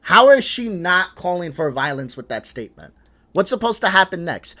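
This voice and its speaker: A man hosting a reaction video, talking in a frustrated, animated way, swearing and laughing between points. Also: high voice, normal speed. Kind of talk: casual reaction commentary.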